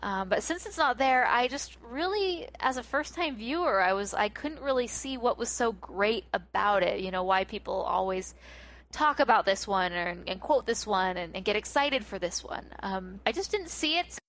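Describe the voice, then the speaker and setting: A woman's voice: medium pitch, animated, moderate pace, a bit bright. A woman co-hosting a podcast, chatting in a reflective way with frequent fillers like "you know" and "um". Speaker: podcast co-host. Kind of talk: casual podcast chat.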